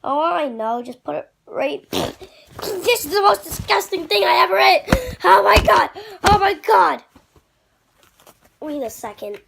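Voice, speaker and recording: A man's voice: very high voice, big pitch swings, a little slow, gravelly, background noise, exaggerated voice. A man voicing a self-pitying puppet father in a homemade puppet comedy, complaining in a whiny way. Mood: silly.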